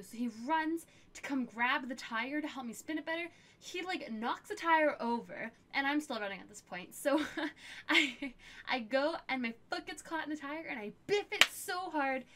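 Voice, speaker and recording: High-voiced chatty young woman. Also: a bit bright. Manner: chatty, lots of fillers, laughs often. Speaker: streamer answering viewer questions. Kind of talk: casual chat.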